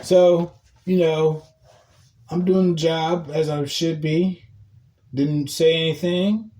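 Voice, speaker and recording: A man hosting a podcast, telling a casual story in a profane, animated way and breaking into loud shouting. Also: a little high, slow pace. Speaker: podcast host.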